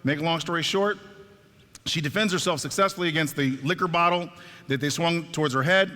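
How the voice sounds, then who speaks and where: A man giving a stage talk, telling a story in an animated way and acting out the dialogue, in a reverberant hall. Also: on the high side, a little fast. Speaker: speaker at a talk.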